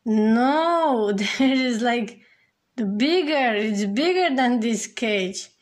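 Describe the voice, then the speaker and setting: A woman's voice: a little high, expressive, very slow. A woman voicing a visitor at a window who coaxes a bird to come out, speaking persuasively. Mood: coaxing. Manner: coaxing, persuasive. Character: coaxing visitor at a window, urging freedom.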